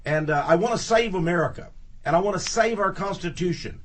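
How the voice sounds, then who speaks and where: A man's voice: high-pitched, a little fast. A man speaking as a guest on a studio talk radio show, emphatic and indignant, repeating words for stress.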